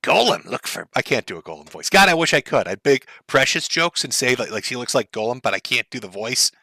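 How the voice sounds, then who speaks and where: A man's voice: medium pitch, sing-song, brisk, bright, forceful tone, no room sound. A middle-aged man giving sarcastic, mocking commentary on a live stream for his chat.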